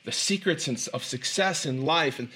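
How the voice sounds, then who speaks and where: A man's voice: fairly high pitch, normal speed, pushed and bright. Emphatic man giving an inspirational speech. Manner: emphatic, draws out key phrases, frequent restarts. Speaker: motivational speaker.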